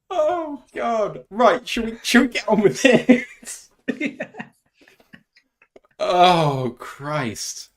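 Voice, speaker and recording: A man's voice: extremely high pitch, very animated, very slow, pauses often. Young British male co-host, giddy and chatty, lots of laughter. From England. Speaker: podcast co-host. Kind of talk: casual chat.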